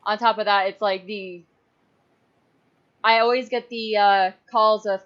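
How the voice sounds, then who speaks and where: A woman's voice: mid-range voice, little pitch movement, measured pace, long pauses, fairly bright tone. A woman hosting a casual podcast chat, rambling and swearing offhandedly. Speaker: podcast host. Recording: muffled lo-fi audio.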